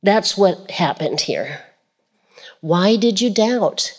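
Preaching slowly in a mid-range voice with lively inflection, this woman reads passages of scripture out loud. She returns to key phrases again and again and asks her listeners rhetorical questions.

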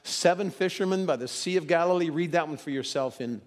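A man preaching a sermon, moving between loud emphasis and hushed, dramatic quotes. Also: fairly high pitch, fairly quick, long reverb tail.

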